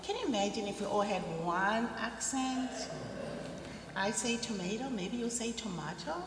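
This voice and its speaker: A woman speaking as an immigrant panelist at a community forum, upbeat and quick to laugh. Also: a little high, a crowd in the background. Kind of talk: panel discussion answer. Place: church hall. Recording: echoey hall with background noise.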